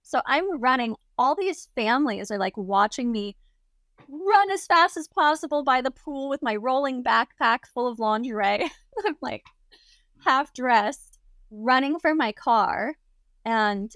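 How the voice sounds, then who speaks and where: A woman's voice: high-pitched, animated, measured pace, a bit bright, no echo, studio quality. A young adult woman, a podcast guest, telling a story casually with lots of "like" and acted-out quotes. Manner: chatty, lots of "like", acts out quotes. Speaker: guest, content creator.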